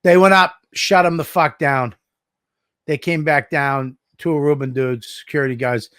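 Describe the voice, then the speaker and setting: A man co-hosts a casual podcast, spinning animated stories full of swearing and acted-out dialogue. His voice sits a little higher than most men's. The sound is close and dry, with no room echo. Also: normal speed, clear, resonant tone. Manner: animated storyteller, swears a lot, acts out dialogue. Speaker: podcast co-host. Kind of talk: casual chat.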